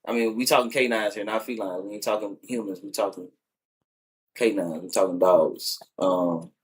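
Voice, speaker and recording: A man's voice: fairly low pitch, fairly even intonation, moderate pace, slightly rough. Wistful man rambling on a livestream. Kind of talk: casual livestream chat. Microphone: phone.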